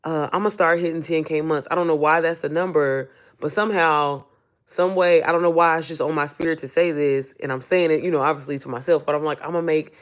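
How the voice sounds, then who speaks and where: Hoarse woman rambling heartfeltly to viewers. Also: deep voice, steady tone, fast talker. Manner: rambling, heartfelt, addresses viewers as y'all and sis; emotional, close to tears. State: hoarse, losing her voice. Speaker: online business coach. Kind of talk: casual live-stream Q&A.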